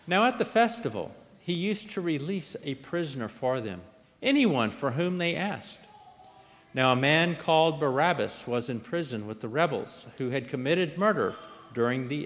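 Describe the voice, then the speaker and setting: A man reads scripture aloud at a middle pitch, his voice rising and falling widely as he dramatizes the quoted lines. A long reverb hangs behind every phrase, as in a large hall or church. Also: fairly bright tone. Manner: dramatic, lifts and raises voice for quoted speech. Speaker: scripture reader. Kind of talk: liturgical scripture reading.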